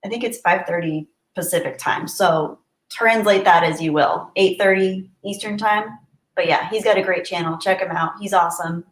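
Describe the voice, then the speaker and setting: A woman's voice: fairly low pitch, moderate pace. Chatty woman streamer in an echoey room. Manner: chatty, reads viewer messages aloud, soft and heartfelt. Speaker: livestream host. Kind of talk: casual livestream chat. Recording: roomy echo.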